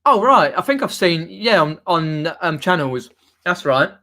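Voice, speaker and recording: Man, Mockney accent, live stream chat, rambling, fillers and restarts, slightly high voice. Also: big pitch swings, unhurried, pushed and bright. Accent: Mockney, near London. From southern England, near London. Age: young adult. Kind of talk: casual live stream chat reading comments.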